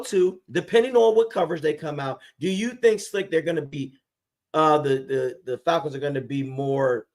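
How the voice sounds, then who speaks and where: A man hosting a live sports fan stream, making emphatic game predictions and calling his co-host by name. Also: fairly high pitch.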